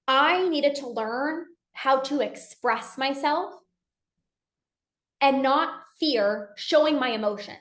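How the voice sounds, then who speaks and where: Speaking slowly in a high, bright voice, a woman who coaches people on binge eating delivers a casual motivational talk. She's earnest, at times voicing quoted inner dialogue, and a noticeable echo fills the room.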